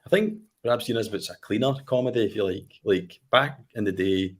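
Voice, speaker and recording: A man from Scotland in his thirties, a podcast guest chatting casually and telling relaxed anecdotes. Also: lowish voice, a little fast, a little hiss or hum. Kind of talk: casual chat.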